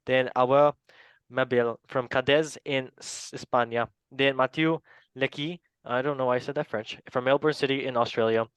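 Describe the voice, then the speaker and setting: A man's voice: mid-range voice, clear, resonant tone, no echo, rough recording. A man hosting a casual football chat, playful and laughing often as he stumbles over player names. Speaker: podcast host.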